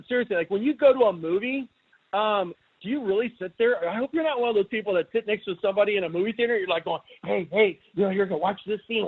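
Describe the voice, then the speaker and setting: A middle-aged man hosting a webinar, talking in a casual, energetic way and often asking his listeners questions. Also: high voice, breathy edge. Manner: energetic, chatty, asks the audience questions. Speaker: webinar host. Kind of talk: casual motivational talk. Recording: tinny phone-like line.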